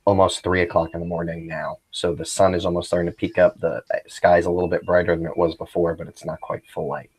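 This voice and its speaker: Man, low voice, relaxed tabletop game master with lots of fillers. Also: fast talker, hardly any pauses, slightly rough. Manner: casual, hesitant, many fillers.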